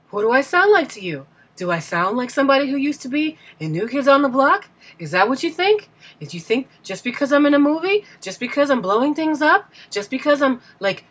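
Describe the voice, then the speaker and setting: A woman doing an impression of a male action-movie star who talks in a soft, sensual way. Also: high voice. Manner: defensive, breathy and sensual.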